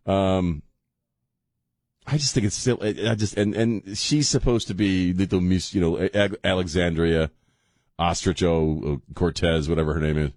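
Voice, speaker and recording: In a radio studio, a man hosts a casual call-in show, laughing and joking a lot while giving blunt opinions. His voice is low and darkish, his pace moderate, and the studio-quality sound has no room noise.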